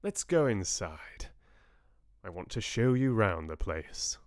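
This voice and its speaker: A laid-back, amused English country vet , as a man reads him out, speaks in an offhand English accent with a lively lilt. The sound is close and dry. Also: fairly low pitch, takes it slowly, dry recording. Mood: relaxed. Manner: offhand, apologetic.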